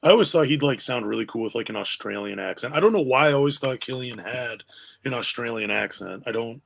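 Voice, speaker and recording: A man's voice: medium pitch, lively intonation, brisk, gravelly, fairly bright tone. A man hosting a casual sports podcast, chatty and full of questions for his co-host. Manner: chatty, asks questions, self-deprecating.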